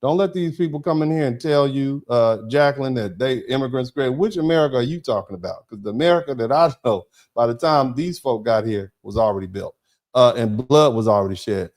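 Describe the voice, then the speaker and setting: A man hosting a livestream, reading out and thanking people from the chat. His voice sits at an ordinary middle pitch. He talks in a folksy, rambling way, circling back and repeating words for emphasis. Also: fairly quick, darkish tone. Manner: folksy, calls listeners baby and bro. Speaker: host reading viewer chat.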